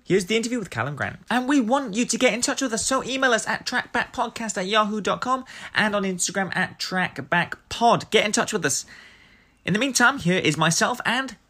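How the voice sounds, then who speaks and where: A man from England hosts a laid-back podcast, his voice bright and edged, rising and falling with lots of animation. He chats and jokes freely, teasing himself as he goes. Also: high voice, animated, a little fast. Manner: chatty, jokey, self-deprecating. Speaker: podcast host. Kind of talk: casual podcast interview.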